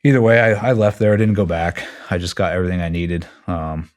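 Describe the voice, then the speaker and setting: Deep-voiced blunt middle-aged man. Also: brisk. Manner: animated, acts out quoted dialogue; blunt, lightly profane. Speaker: podcast guest. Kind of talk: casual storytelling.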